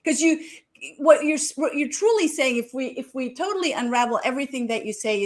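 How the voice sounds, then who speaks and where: A woman hosting an interview podcast, asking hesitant questions with fillers and restarts. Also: on the high side. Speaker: podcast host.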